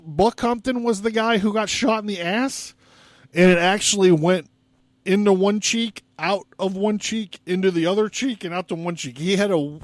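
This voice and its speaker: A man's voice: high-pitched, no echo. A young man hosting a casual history podcast, rambling loosely with lots of fillers and asides. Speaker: podcast host.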